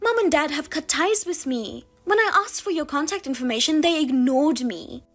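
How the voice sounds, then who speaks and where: A woman's voice: high voice, lively intonation, moderate pace, a bit bright, faint music behind. A woman voicing a scheming younger sister who mocks and taunts in a sing-song way. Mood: mocking.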